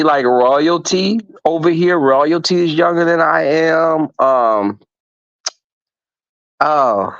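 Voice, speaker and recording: A man hosting a livestream, telling stories to his viewers in an animated, profane way and acting out the voices in them. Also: a little high, no room sound, muffled recording. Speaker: livestream host reading chat. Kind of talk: casual storytelling to viewers.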